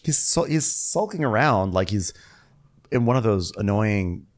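A man with a lowish voice that still moves a lot in pitch, co-hosting a casual recap. He drops wry, joking asides as he goes. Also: big pitch swings, a little slow. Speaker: podcast co-host.

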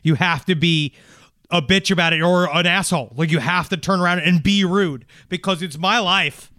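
Joking high-voiced male guest. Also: moderate pace, bright, forceful tone, dry recording, clean studio sound. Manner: jokey, riffing banter. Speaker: podcast guest. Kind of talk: casual chat.

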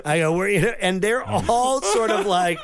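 A man's voice: high voice, measured pace, a loud crowd. A comedian recounting a live television appearance in a casual interview, acting out the voices of people he quotes. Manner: animated storyteller who acts out quoted voices. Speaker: comedian and impressionist.

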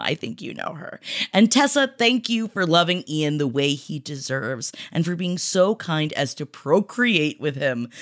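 Woman podcast host, emotional and laughy, low voice that swings up and down a lot. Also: fairly bright tone. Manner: emotional, laughing, teary, gushing. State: teary. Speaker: podcast host reading listener shout-outs. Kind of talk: casual podcast chat.

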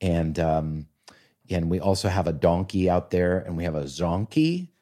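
A low-pitched man in his fifties talks casually as a podcast guest. He tells stories with animated flair and jumps into silly voices and sound effects to act them out. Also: moderate pace. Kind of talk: casual storytelling chat.

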